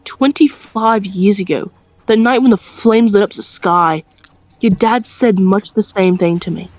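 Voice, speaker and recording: An amateur voice actor playing a stern elderly woman who represents factory workers, in a fan dub delivered slowly and deliberately. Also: mid-range voice, soft background music, close to an everyday voice.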